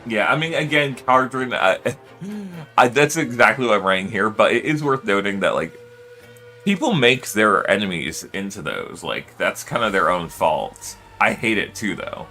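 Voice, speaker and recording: Lively low-voiced male streamer. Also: moderate pace, faint music behind. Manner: rambling, loose, lots of fillers and swearing. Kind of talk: casual livestream chat.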